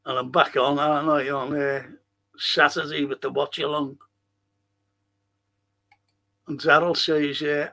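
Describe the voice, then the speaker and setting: A man's voice: a little high, level tone, a little slow, long pauses, pushed and bright. An older man with a Liverpool accent, hosting a football podcast in a casual, rambling live-stream chat, swearing freely and reading out viewers' comments. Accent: Liverpool (Scouse). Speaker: podcast host.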